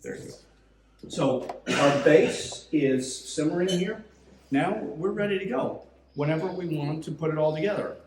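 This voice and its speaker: A man's voice: on the high side, normal speed, echoey room, slight background noise, poor audio. A middle-aged man from Switzerland, cooking at home and explaining each step in an easy, instructive way. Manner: instructive, relaxed, gives cooking tips. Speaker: home cook host. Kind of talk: casual cooking chat. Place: home kitchen.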